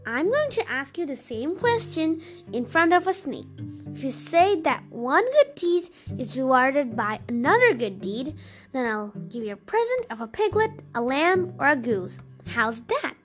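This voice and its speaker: A woman's voice: sits high, sing-song, unhurried, faint music behind. A woman voicing a scheming peasant man in a storybook reading, pleading and wheedling.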